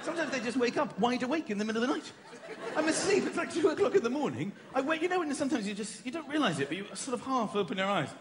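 A man doing a stand-up comedy routine, acting out noisy family scenes with big, animated delivery. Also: very high-pitched, racing, crowd noise. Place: comedy stage before a large audience. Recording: played comedy clip, roomy venue, loud audience laughter.

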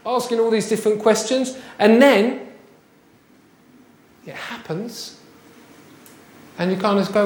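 A man's voice: sits high, slow, pauses often, echoey room, a little hiss or hum. A man preaching a sermon, chatty and full of rhetorical questions. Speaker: pastor.

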